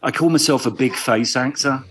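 A man's voice: medium pitch, moderate pace, breathy edge. A middle-aged English man, a guest actor, chatting casually on a podcast in a wry, self-deprecating way.

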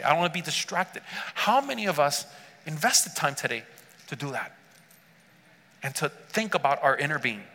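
A man's voice: on the high side, sharp tone, long reverb tail. A man preaching a sermon to a congregation, earnestly asking them rhetorical questions. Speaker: pastor. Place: church sanctuary.

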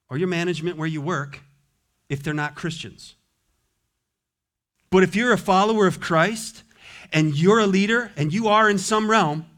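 Male pastor, high-pitched voice, passionate sermon delivery, loud then quiet. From United States. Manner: impassioned preaching, swinging from loud exhortation to soft, low asides.

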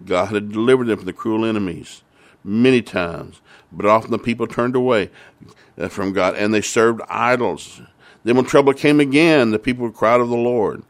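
A man delivers a sermon, first retelling scripture in a steady storytelling voice. He then turns to its lesson with earnest, repeated emphasis that builds toward fervor. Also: fairly low pitch, normal speed. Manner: earnest, repetitive emphasis, rising to fervent. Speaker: preacher.

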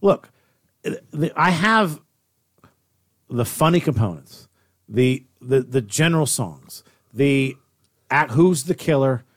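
A man's voice: mid-range voice, lively intonation, slow pace, long pauses, dry recording, clean studio sound. A man co-hosting a podcast, talking emphatically, repeating himself and trailing off. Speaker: podcast co-host. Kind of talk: casual podcast banter.

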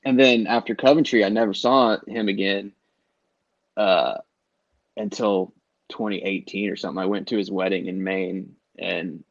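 Rambling low-voiced man telling road stories. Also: fairly even intonation, normal speed, gravelly, no room sound, muffled recording. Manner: rambling storyteller, swears freely, acts out quotes. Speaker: guest telling concert stories. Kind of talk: casual podcast chat.

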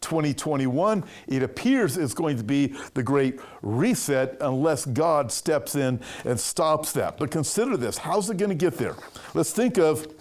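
A man's voice: a little high, expressive, unhurried. A man preaching an emphatic prophecy sermon as a pastor, reading news quotes aloud and commenting on them. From California.

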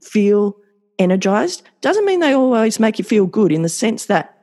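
A man's voice: high-pitched, big pitch swings, moderate pace, darkish tone. A man hosting a solo podcast, talking in an upbeat, effusive and motivational way and repeating words for emphasis. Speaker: podcast host.

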